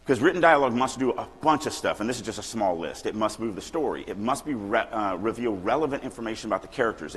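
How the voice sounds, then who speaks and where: Middle aged guy from louisiana teaching a writing workshop, lowish husky voice, jokey and animated, big echoey hall. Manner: animated, joking, acts out examples. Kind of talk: conference lecture. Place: large conference hall. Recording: long hall reverb.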